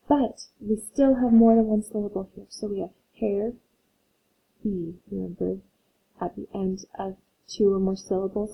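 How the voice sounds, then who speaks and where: A woman teacher with a medium-pitched, creaky, dark-toned voice gives children a phonics lesson, reading a story aloud and explaining syllables. She goes slowly and patiently for her young learners. The audio is tinny and phone-like, with slight background noise.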